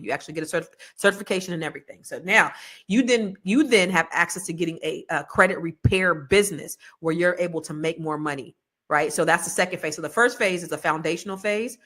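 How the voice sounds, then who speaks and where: A middle-aged woman talks straight to her livestream viewers in a casual, rambling way, drifting into slangy, self-mocking asides. Her voice sits a little low for a woman. She keeps circling back to a money-course pitch with easy, loose confidence. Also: pushed and bright. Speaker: host selling a money course.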